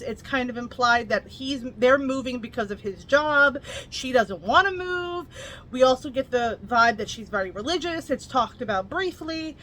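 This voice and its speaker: A woman reviewing books in a casual vlog. She speaks candidly, swears freely, and retells the plot in a lively way, slipping into quoted lines. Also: high voice, slight background noise. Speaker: book reviewer.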